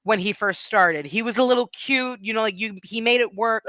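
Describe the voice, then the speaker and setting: A woman's voice: fairly high pitch, moderate pace, a bit bright, no echo. A woman guest on a wrestling podcast, chatting casually and gushing in a rambling way about her favorite moments. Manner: gushing, rambling fan talk. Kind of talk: casual chat.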